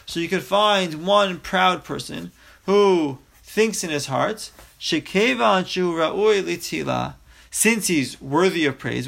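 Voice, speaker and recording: Gravelly-voiced man teaching a text. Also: on the high side, a bit bright. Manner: reads Hebrew phrases then explains in English. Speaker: Torah teacher. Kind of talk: text study class reading and translating.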